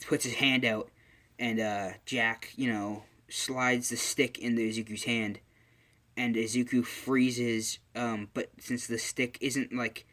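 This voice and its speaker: A man's voice: on the low side, a bit bright. A man casually retelling a fan story, rambling with many fillers and restarts.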